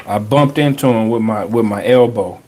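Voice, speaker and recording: This podcast host has a fairly low voice and a normal speed as he animatedly shares a personal story. His delivery is casual, slangy, and full of repeated phrases for emphasis.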